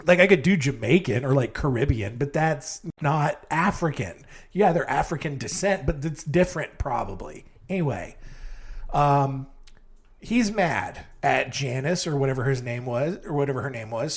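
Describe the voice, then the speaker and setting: A sleepy young man hosting a comedy true-crime podcast, rambling and self-mocking, with sudden jumps in pitch. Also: husky. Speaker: podcast host.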